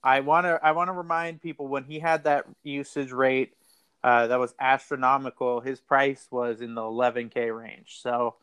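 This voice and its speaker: A man's voice: mid-range voice, steady tone, normal speed, fairly bright tone, clean tone, no room sound. A man hosting a casual fantasy basketball talk show, rambling and repeating words as he thinks. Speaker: fantasy basketball podcast host. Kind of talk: casual sports betting chat.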